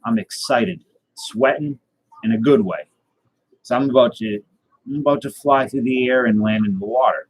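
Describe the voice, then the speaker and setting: A man telling a tall tale in a rambling, deadpan way, with many fillers and restarts. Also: medium pitch, normal speed, husky, low-quality recording. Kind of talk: casual tall-tale storytelling.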